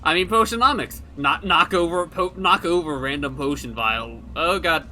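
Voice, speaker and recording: Bright, excitable gaming man. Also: a little high, normal speed, a little hiss or hum. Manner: excitable, swears freely. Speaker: gaming host. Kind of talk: casual gameplay commentary.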